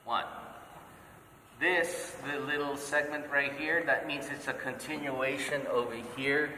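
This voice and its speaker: A man's voice: on the high side, steady tone, unhurried, bright, forceful tone, slight background noise. A man teaching a note-reading class in a church, patiently counting beats aloud and checking that everyone follows. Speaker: music teacher. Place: church hall. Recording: echoey church hall from far off.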